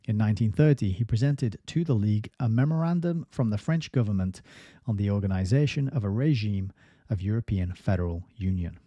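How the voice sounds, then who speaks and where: A man reads through a book at an even pace, with a few casual side remarks. His voice is very dark and a bit low. The sound is dry, with no room around it. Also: brisk, dry recording, lo-fi sound. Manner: steady reading with brief casual asides. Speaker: book reviewer reading aloud. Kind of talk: reading a book aloud with asides.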